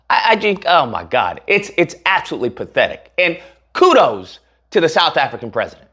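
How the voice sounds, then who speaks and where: A man's voice: on the high side, wildly swooping pitch, a little fast, sharp tone, breathy edge. A man giving heated, sarcastic political commentary as a channel host, using casual slang.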